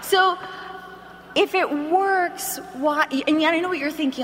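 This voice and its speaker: A woman giving an energetic, animated sales training talk to an audience in a large hall, acting out phone calls as she goes. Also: very high-pitched, measured pace. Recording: reverberant hall, faint background noise.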